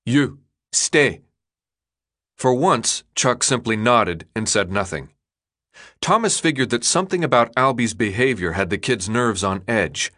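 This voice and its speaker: A man narrating an audiobook in a measured, expressive storytelling voice. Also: mid-range voice. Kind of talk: scripted narration.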